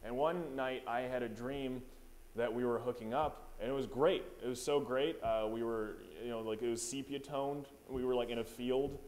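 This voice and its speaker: A man's voice: medium pitch, steady tone, moderate pace, darkish tone. A young man doing a stand-up set at an open mic, rambling and self-deprecating, with lots of filler asides. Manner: rambling, self-deprecating, lots of "you know what I mean". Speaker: stand-up comedian. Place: small open mic venue.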